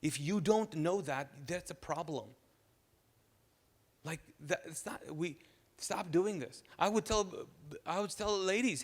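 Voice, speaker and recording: A fairly high-voiced man preaching from a church stage, animated and repetitive, slipping in and out of quoted voices as he makes his points. His voice rings out with a long reverb through a large hall. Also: measured pace. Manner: animated, repeats phrases, acts out quoted voices. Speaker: pastor. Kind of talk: sermon. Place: church auditorium.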